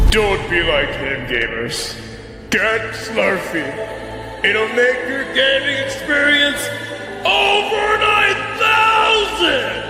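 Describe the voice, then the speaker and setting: A man's voice: very high-pitched, big pitch swings, very slow, long pauses, heavily acted. A man voicing a bombastic, mocking announcer in a parody energy-drink ad. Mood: mocking hype. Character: over-the-top shouting male energy-drink ad announcer. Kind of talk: parody ad read. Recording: heavy reverb with music behind.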